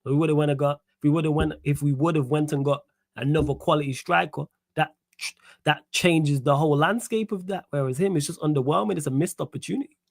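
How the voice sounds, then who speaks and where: A man's voice: on the high side, fairly even intonation, fast talker, vocal fry, dry recording. Young male host, casual slangy football talk, dry close mic. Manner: casual, slangy, laughs and riffs while reading comments. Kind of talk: solo football Q&A livestream.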